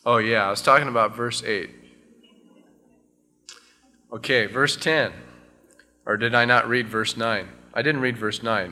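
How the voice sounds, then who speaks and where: A man's voice: medium pitch, unhurried, long pauses, sharp tone, long reverb tail. A man preaching an evening sermon as pastor, talking conversationally and swelling into fervent scripture reading.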